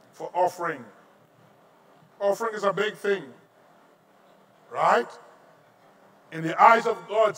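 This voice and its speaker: A middle-aged Trinidadian pastor preaches in a high-pitched voice, dropping to quiet asides and then rising into shouts. He sits at some distance from the mic in a large auditorium. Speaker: visiting pastor. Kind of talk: sermon.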